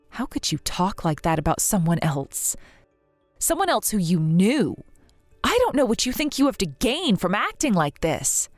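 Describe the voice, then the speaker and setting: Casting: a woman doing a hurt, grieving young wife for a story drama, earnest and pleading, expressive pitch. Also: a little slow, dry recording, soft background music.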